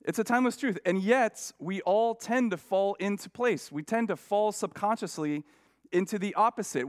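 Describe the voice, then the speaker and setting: A man with a fairly high voice preaches as a guest speaker. He talks casually and personally, restarting sentences and dropping in self-deprecating asides as he tells stories to a congregation. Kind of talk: conversational sermon.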